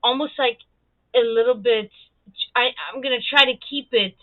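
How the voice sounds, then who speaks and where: A woman's voice: on the high side, normal speed, no room sound. A woman from Serbia, chatting casually on her livestream while she paints, rambling and swearing as she vents. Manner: rambling, heavy swearing, animated venting. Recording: tinny phone-like dry sound.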